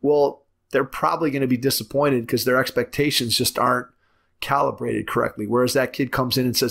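Gravelly, flat-voiced podcast host. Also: male voice, medium pitch, brisk. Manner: reflective, flowing commentary. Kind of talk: podcast interview.

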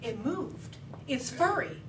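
High-voiced woman telling a funny story. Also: takes it slowly. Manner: lively, animated storytelling with laughing asides. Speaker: contest speaker. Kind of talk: humorous storytelling speech. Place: meeting hall with audience. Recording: echoey hall, distant mic, background noise.

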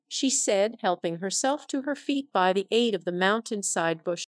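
A synthetic-sounding woman narrating a story in an even, unhurried reading voice. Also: medium pitch, no room sound. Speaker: audiobook narrator. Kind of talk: scripted narration.

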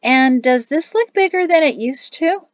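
A nervous young woman asks anxious questions in a higher, lifted voice, as a woman reading an audiobook acts her out. The recording is dry and slightly dull. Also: expressive, moderate pace, dry recording.

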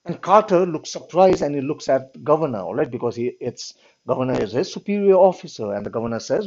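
A man's voice: a little high, expressive, fast talker, darkish tone. A man teaching a class, reading a story aloud and explaining it, often checking in with "all right". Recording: dull lo-fi recording.

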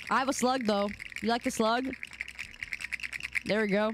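A woman's voice: on the high side, normal speed, long pauses, background noise. A woman game streamer chatting casually and teasingly with her viewers while she plays. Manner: animated, teasing, talks to chat. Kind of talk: casual live-stream chat.

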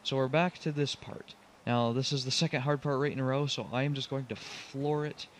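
A man's voice: medium pitch, steady tone, a little fast, a little hiss or hum. A young man commenting on his own driving game run, getting frustrated, pleading with the truck and groaning at his mistakes. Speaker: gaming channel host.

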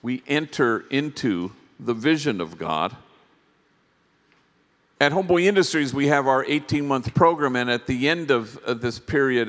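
A priest giving a reflective storytelling talk to a conference audience, unhurried, with long pauses between phrases. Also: male voice, medium pitch, a bit bright. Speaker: priest and speaker. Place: large conference hall. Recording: long reverb of a big hall.

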